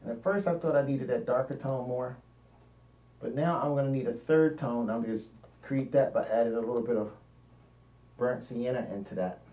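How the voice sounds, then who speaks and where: Thinking aloud as he paints, a man describes his demonstration in a mid-range voice at a moderate pace, frequently leaving sentences unfinished. The distant mic gives a roomy, dull, lo-fi sound.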